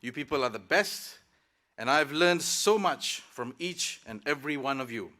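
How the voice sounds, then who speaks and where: The student speaker at this graduation is a working professional in his thirties, giving a formal, prepared address at a podium microphone with light jokes mixed in. His medium-pitched voice is animated, bright and forceful, at normal speed.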